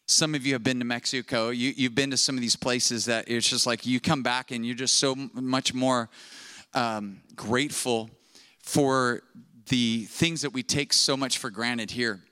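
A middle-aged male pastor preaching a sermon, telling a story with animated acted-out dialogue. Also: mid-range voice, clear, resonant tone, no echo.

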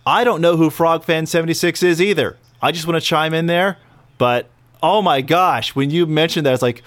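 Man, interview guest, excitable, teasing, chatty, casual talk, recorder mic. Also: fairly high pitch, moderate pace. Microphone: handheld recorder mic, remote call.

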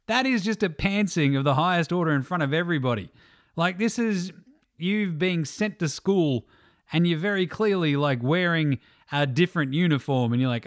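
A man's voice: on the high side, normal speed, dry recording, clean studio sound. Sweary Australian man ranting about basketball. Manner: sweary, mocking, animated. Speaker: podcast host. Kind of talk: casual sports chat.

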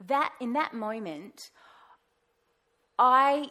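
A woman giving a personal faith testimony, animated, acting out her own past words in a raised voice. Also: high voice, extremely slow. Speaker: pastor's wife sharing testimony.

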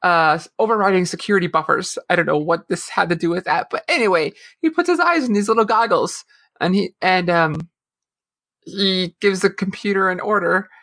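A woman co-hosting a casual podcast discussion, retelling scenes in an animated way and acting out quotes. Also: on the low side, normal speed. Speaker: podcast co-host.

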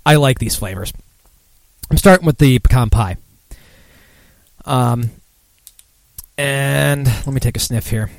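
A man's voice: mid-range voice, a little mellow, dry recording. A man hosting a casual drinking podcast, rambling and sardonic with lots of profanity. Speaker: podcast host.

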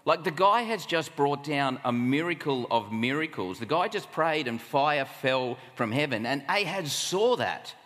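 A man's voice: fairly high pitch, expressive, unhurried, hardly any pauses, fairly bright tone. A man with an Australian accent preaching a sermon at a camp, conversational and full of rhetorical questions. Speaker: camp speaker. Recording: long hall reverb.

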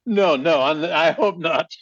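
A man's voice: on the high side, animated, slow, no room sound. A man, a guest songwriter, chatting in an interview, laughing often and speaking with emphasis. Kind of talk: casual interview chat. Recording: dull lo-fi, dry sound.

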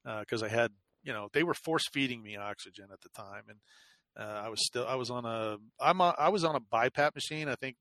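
A man telling a long personal story in easygoing conversation, full of fillers, restarts and wry asides about himself. His voice sits at an ordinary pitch and sounds dry and close to the mic. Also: fairly quick, a bit bright, no room sound. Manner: rambling, self-deprecating, many fillers and restarts.

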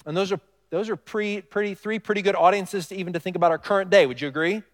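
A man's voice: high-pitched, quick pace. A male pastor delivering a sermon in a conversational way, often asking the congregation questions. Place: church hall with congregation. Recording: long reverb of a large hall.

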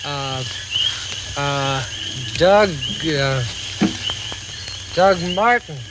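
An actor playing a polished city singer, polite and somewhat hesitant. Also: male voice, a little high, lively intonation, drawn-out words. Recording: 1960s film soundtrack, distant, faint hiss.

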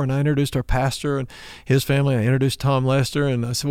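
A man's voice: mid-range voice, fast talker, long pauses, a little mellow, dry recording, studio quality. Man preaching a story-filled sermon. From Oklahoma. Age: middle-aged. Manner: acts out dialogue in his stories, raising his voice for the quoted lines. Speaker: pastor.

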